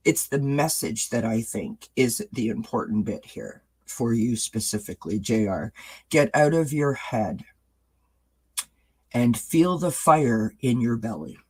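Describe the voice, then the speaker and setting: A man's voice: medium pitch, animated, unhurried, darkish tone, slightly rough, rough recording. A man giving a live-streamed tarot reading, reassuring his viewers and greeting the chat by name. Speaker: tarot reader.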